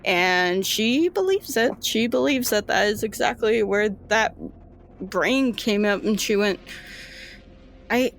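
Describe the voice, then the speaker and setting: A woman's voice: medium pitch, lively intonation, measured pace, fairly bright tone, a little hiss or hum. A woman narrating a tabletop game as game master, rambling with many fillers.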